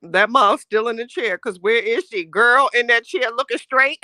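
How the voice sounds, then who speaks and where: Sassy aave woman streamer laughing at chat, kinda high voice, dry room. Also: normal speed, few pauses, dry recording. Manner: sassy, animated, laughing often, Southern Black American slang. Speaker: livestream host reading chat. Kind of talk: casual livestream chat.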